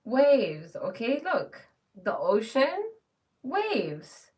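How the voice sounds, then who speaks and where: A woman's voice: on the high side, wildly swooping pitch, drawn-out words, darkish tone, breathy edge. A woman teaching spiritual ideas in a casual live stream, playful and often laughing as she answers viewers.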